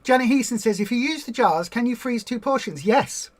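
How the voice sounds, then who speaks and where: A man's voice: extremely high pitch, animated, brisk. Chatty man hosting a live stream. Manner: chatty, reads viewer comments aloud, jokey asides. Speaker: weight loss support group host. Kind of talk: casual live-stream chat.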